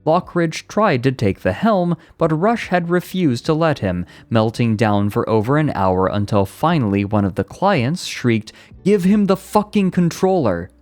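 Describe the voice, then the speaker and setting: A man's voice: mid-range voice, expressive, normal speed, hardly any pauses, a little mellow, dry recording, faint music behind. A male streamer reading an article aloud and breaking off into casual, profane asides. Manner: profane, rambling asides between read passages.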